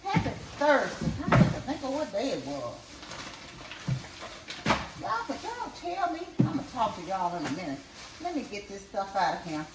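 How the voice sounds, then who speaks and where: A woman's voice: fairly low pitch, distant mic. A woman vlogging casually at home, chatting straight to her viewers while she unpacks groceries. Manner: chatty, keeps addressing viewers directly. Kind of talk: casual vlog chat. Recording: echoey room with background noise.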